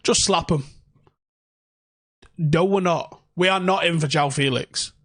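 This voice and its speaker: A man's voice: on the high side, measured pace, fairly bright tone, slightly rough, no echo, clean studio sound. A young man hosting a casual fan livestream from home, ranting and swearing sarcastically. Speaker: fan channel host.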